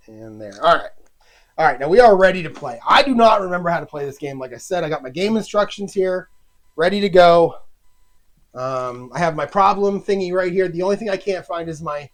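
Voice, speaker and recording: A man with a high voice casually talks himself through a solo tabletop racing game. His speech is chatty and halting, packed with fillers.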